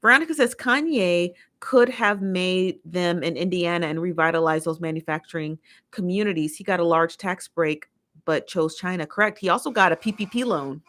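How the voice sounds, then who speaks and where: An American woman with a fairly low voice hosts a casual livestream. She reads viewer comments aloud and answers them with exasperated, emphatic ranting. She repeats her points to drive them home. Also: normal speed, fairly bright tone. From United States. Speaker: livestream host.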